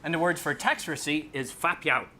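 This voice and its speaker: A man's voice: moderate pace, background noise. A man with an Irish accent giving a funny talk on public speaking, telling stories and acting out voices. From Ireland. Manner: joking, storytelling, acts out voices and rises high when excited. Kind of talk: comic presentation to an audience.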